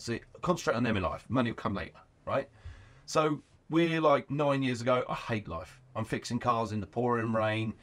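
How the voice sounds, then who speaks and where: A British man telling rambling, excitable stories with plenty of swearing as a podcast guest. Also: medium pitch. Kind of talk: casual podcast storytelling.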